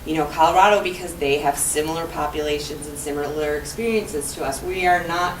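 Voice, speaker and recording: A woman speaking on an education roundtable panel, conversational and measured. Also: deep voice. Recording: distant roomy mic with background noise.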